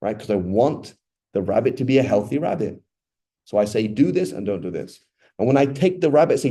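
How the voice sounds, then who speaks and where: A man teaching an informal religious lesson in a mosque, chatty and animated, often asking the audience questions. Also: mid-range voice, brisk, slightly rough. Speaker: teacher giving a talk in a mosque.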